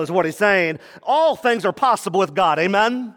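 A male pastor preaching an expository sermon, calling out to the congregation for answers and repeating phrases for emphasis, swinging between quiet asides and raised preaching. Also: sits high, expressive, moderate pace, few pauses. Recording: long reverb of a large room.

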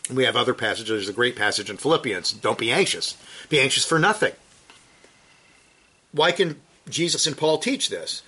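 A man preaches a sermon, teaching from scripture with emphasis that climbs to forceful peaks and then sinks low and quiet. His husky voice is animated and moves at a normal speed.

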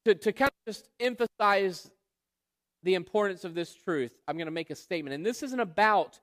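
Male preacher, high voice, emphatic expository style, long hall reverb. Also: expressive, fairly bright tone. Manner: emphatic, rhetorical questions, drawn-out stresses. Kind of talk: expository Bible sermon.

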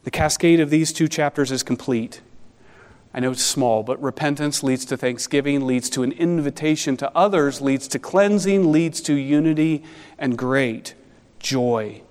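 A man preaching an expository sermon as pastor, animated and conversational with wry asides. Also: mid-range voice, moderate pace, in a large hall.

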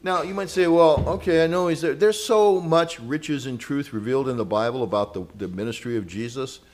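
A man preaching a sermon in an earnest, conversational way, moving between loud exclamations and hushed storytelling with casual asides. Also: mid-range voice, a little fast. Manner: conversational asides with fillers and chuckles.

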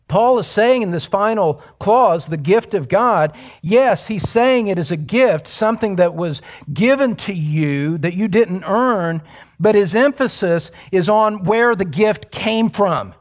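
A middle-aged man preaching a sermon as pastor, emphatic, swinging from loud exclamations to hushed near-whispers. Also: fairly high pitch, expressive, a little slow.

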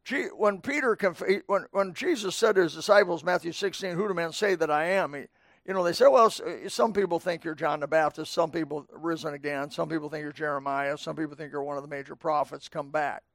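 A middle-aged man preaches to his church in a homespun, chatty manner, often turning to speak to people in the pews. His voice sits high for a man, and the sound is close and dry, with little room echo. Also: brisk, creaky, fairly bright tone. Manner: folksy, conversational preaching with asides to the congregation. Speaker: pastor. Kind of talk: sermon. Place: church sanctuary.

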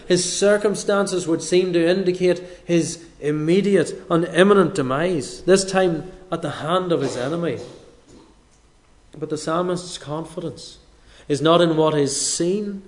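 Slow, measured preaching man. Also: on the high side. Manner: slow, measured delivery with dramatic pauses. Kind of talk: sermon.

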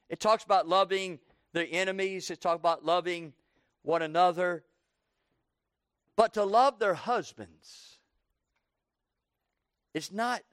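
A man's voice: a bit bright, no echo, clean studio sound. A man preaching an evening sermon, repeating lines in rhythm and calling for "Amen" from the congregation. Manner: call-and-response preaching, asks the congregation "Amen?"; rhythmic repetition, rising to a fervent pitch.

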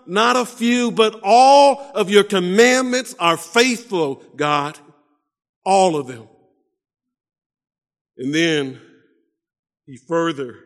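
A man with a high voice preaching slowly and deliberately, pressing each point with repeated phrases and doubled-up restarts. His voice rings out with a long hall reverb around it. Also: a bit bright. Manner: preaching with emphatic repetitions and stammered restarts. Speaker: pastor. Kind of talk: sermon.

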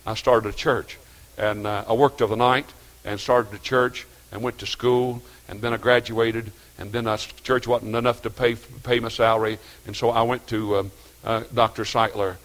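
An older man, preaching a sermon in a folksy storytelling way, dropping to quiet asides and rising to loud exhortation. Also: fairly low pitch, level tone, moderate pace. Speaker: pastor.

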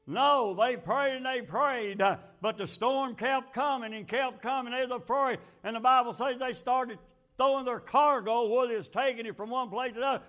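A man's voice: extremely high pitch, moderate pace, fairly bright tone. A man preaching a fervent, folksy sermon full of rhetorical questions.

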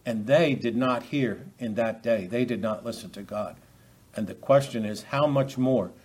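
A man preaching a verse-by-verse sermon at a middling pitch. He speaks off the cuff, often restarting phrases and asking his listeners rhetorical questions. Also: moderate pace, a little mellow, slightly rough. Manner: unscripted, many restarts, asks the audience rhetorical questions. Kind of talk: expository sermon.

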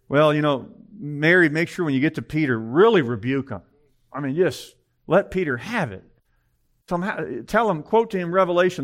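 A man's voice: high voice, a bit bright. A man preaching a conversational sermon, emphatic and full of rhetorical questions.

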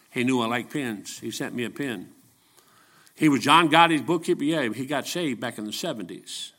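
Folksy older preacher, bright edge. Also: male voice, medium pitch. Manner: folksy, jokey, shouts rising to preaching peaks. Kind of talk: folksy sermon with stories.

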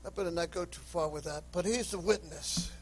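High-voiced impassioned preacher, man. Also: brisk, slight background noise, low-quality recording. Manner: impassioned, rising to high shouts; reads scripture aloud in King James wording. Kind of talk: sermon.

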